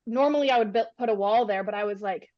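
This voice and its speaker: Young woman telling lively stories, lo-fi. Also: mid-range voice, fast talker. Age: young adult. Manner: animated, fills with "like". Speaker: podcast guest. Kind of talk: casual storytelling chat. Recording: dull lo-fi sound.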